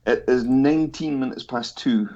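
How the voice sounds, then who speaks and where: A man's voice: medium pitch, normal speed, warm tone. A man from Scotland with a Scottish accent, a guest chatting in a laid-back way over a video call. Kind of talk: casual chat on a call. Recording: dull lo-fi call audio.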